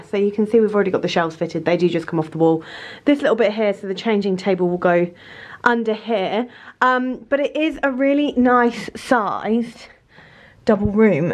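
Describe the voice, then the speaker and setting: A British woman in her thirties chatting casually to camera in a rambling, self-deprecating vlog. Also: fairly high pitch. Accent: British English. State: pregnant. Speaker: vlogger.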